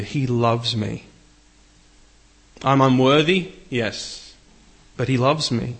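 Earnest male preacher. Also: medium pitch. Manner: earnest, rises for scripture readings. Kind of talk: sermon.

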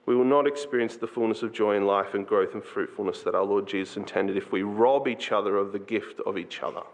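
A man's voice: fairly low pitch, fairly even intonation, a little fast. Earnest conversational male preacher. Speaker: pastor. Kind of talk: sermon.

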